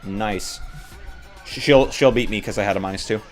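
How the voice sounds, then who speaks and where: A young man playing a tabletop game, reacting with loud, swearing exclamations. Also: fairly low pitch, moderate pace, soft background music. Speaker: player. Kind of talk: excited tabletop play.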